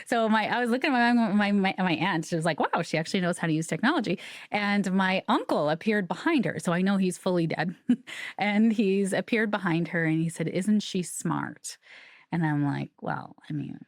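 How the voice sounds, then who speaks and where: A middle-aged woman, a guest on a podcast, telling a personal story in a chatty, animated way and acting out the dialogue. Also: mid-range voice, fairly quick, no room sound, clean studio sound. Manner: chatty, animated, acts out quoted dialogue, laughs often. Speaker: guest, psychic medium.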